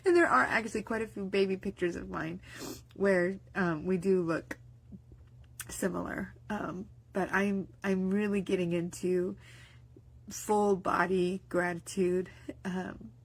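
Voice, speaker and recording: A woman's voice: medium pitch, fairly even intonation, measured pace, breathy edge. A woman vlogger talking in a casual, rambling spoken-diary monologue, with many restarts and fillers. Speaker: mindset vlogger and business owner.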